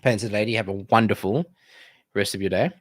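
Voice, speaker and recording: A man's voice: lowish voice, a little fast, dry recording. Jokey man chatting on a dry mic. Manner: jokey, reads viewer comments aloud and banters. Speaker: streamer hosting a Q&A. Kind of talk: casual live stream chat.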